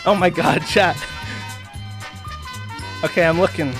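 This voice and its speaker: A man's voice: a little high, moderate pace, soft background music. A man hosting a livestream, ranting in a profane, mocking, rambling way. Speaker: streamer host. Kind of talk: livestream commentary rant.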